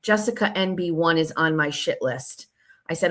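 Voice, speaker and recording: A woman's voice: sits low, normal speed, a bit bright. A woman hosting her own show, telling a long story in a casual, sarcastic and profane way while reading out text messages. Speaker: show host.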